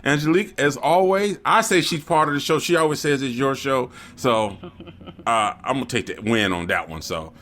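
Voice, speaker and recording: A man's voice: medium pitch, moderate pace, fairly bright tone. Easygoing man podcast host. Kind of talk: casual chat.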